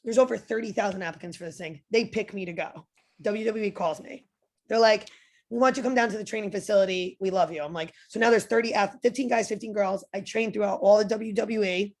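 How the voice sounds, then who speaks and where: A young adult woman, a podcast guest, telling a story in a lively way, acting out what others said and using "like" a lot. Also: mid-range voice, fast talker. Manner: lively, acts out quoted voices, frequent "like" fillers. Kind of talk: animated storytelling.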